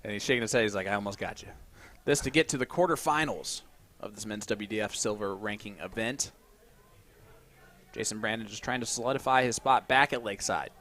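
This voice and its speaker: A male play-by-play commentator calling a live darts match from the booth, steady and measured, with dry humor as he reads out the scores. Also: on the low side.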